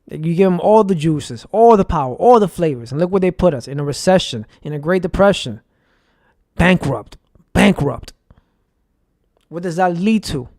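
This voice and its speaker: A man's voice: on the high side, warm tone, no room sound, studio quality. A young man from New York ranting in a rambling, profane, heated monologue to his viewers. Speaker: vlogger. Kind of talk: casual conspiracy rant.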